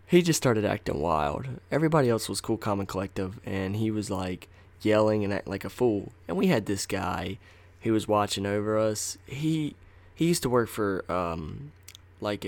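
A storyteller host recounts a personal story in a casual, slangy, profane way, acting out what people said. His voice is on the low side, and the recording is dry.

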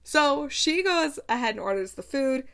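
Woman, book vlogger, excited casual retelling, reads passages aloud, fairly high voice. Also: a little slow, creaky. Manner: gushing, retells scenes with excitement.

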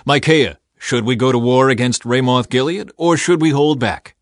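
A man's voice: mid-range voice, moderate pace, dry recording, lightly acted. Man reading a commanding ancient king, dry and close. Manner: sharp, commanding. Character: angry scheming ancient male king.

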